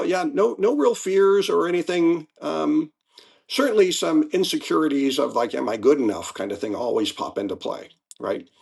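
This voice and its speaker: Older guy in his 70s, a bit high, gravelly and husky, lively storyteller. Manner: lively storyteller, acts out race moments. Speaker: guest athlete. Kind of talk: casual interview chat.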